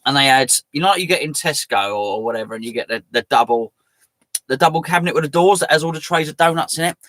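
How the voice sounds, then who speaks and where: A man's voice: a little high, expressive, fast talker, a bit bright, a little hiss or hum. A man hosting a live fan stream, talking casually in a chatty, rambling way. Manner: chatty, rambling, self-mocking. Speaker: fan channel host.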